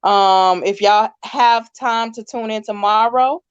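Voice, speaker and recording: A woman's voice: medium pitch, takes it slowly, clear, resonant tone, no echo. A woman guests on a live podcast, teasing the host playfully before plugging her own show. Her voice sounds dry and close, with no room in it. The audio is muffled and lo-fi. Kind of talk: casual live-stream chat.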